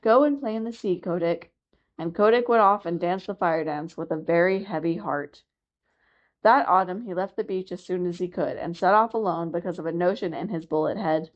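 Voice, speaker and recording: A woman narrating a classic chapter book aloud for a library reading program, in a clear, steady storytelling manner. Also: on the low side, brisk, dull audio. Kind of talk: audiobook narration.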